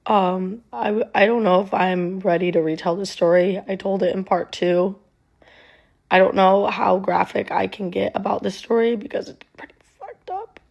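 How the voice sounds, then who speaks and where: A young woman recounts a hard memory in a casual, halting way, stopping often to restart her thoughts. Her voice is husky and breathy, with a gravelly fry at the ends of phrases. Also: mid-range voice, fairly even intonation, highs cut off. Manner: halting, many ums and restarts. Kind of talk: casual storytelling to camera.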